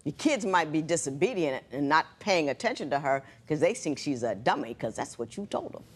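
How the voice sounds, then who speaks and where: Middle-aged woman judge, lectures sternly on a TV court show, animated delivery. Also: low voice, a little fast, background noise.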